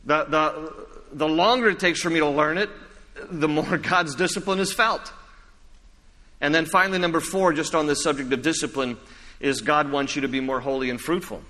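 A man preaching a sermon with a high, bright, ringing voice. He talks in an animated storytelling way, with asides and little self-deprecating laughs. The sound carries a long reverb, as in a church sanctuary. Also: normal speed. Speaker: pastor. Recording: echoey hall reverb.

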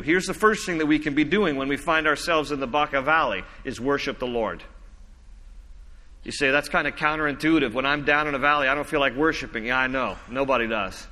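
Bright-voiced pastor preaching in a hall. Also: male voice. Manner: teaching, reads scripture slowly, drops low and soft for emphasis. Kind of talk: sermon.

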